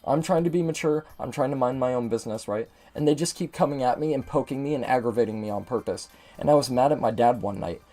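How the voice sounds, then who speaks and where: A young man hosting a gaming video rants in frustration over gameplay, swearing freely as he talks to his viewers. His medium-pitched, dark-toned voice moves fast with few pauses.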